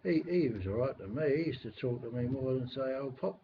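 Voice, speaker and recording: An older Englishman with a London accent and a mid-range voice speaks expressively and fairly quickly on a casual webcam chat. He rambles, grumbles, and swears mildly, and the webcam microphone gives the audio a dull, lo-fi sound with faint hiss.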